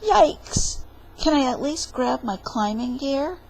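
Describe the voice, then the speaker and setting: A woman's voice: high-pitched, moderate pace, a little mellow, pitched above the performer's own voice, rough recording. A woman doing a whiny cheeky young man. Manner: whiny, sassy, talks back.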